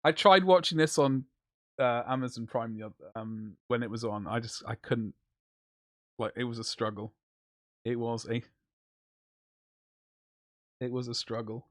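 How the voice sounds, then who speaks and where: A man's voice: mid-range voice, unhurried, long pauses, fairly bright tone, no echo, clean studio sound. A man streaming live while he paints, rambling and joking in casual banter with his chat. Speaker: livestreamer.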